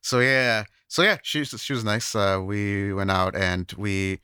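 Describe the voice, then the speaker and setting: A man's voice: on the low side, unhurried, sharp tone, clear, resonant tone, dry recording, studio quality. A man co-hosting a podcast, telling a story in a rambling, casual way with lots of fillers and swearing. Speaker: podcast co-host. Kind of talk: casual chat.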